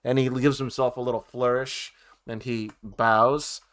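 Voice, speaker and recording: A man narrating as game master in a tabletop game, describing the scene in a relaxed way. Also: medium pitch, a little slow.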